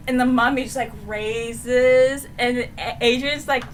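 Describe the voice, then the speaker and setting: A woman recapping a book in a casual review, excitable and prone to shouting out the big moments. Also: on the high side, a little slow, hardly any pauses, a little hiss or hum. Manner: excitable, retells scenes with shouts and sound effects.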